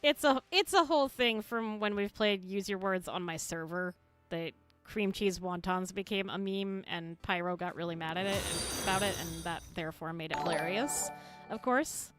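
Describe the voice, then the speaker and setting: A woman's voice: on the low side, moderate pace, fairly bright tone, soft background music. Chatty woman hosting a livestream. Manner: chatty, upbeat, thinks aloud while handling on-screen tasks. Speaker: streamer and creator hosting a cast livestream. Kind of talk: casual livestream chat.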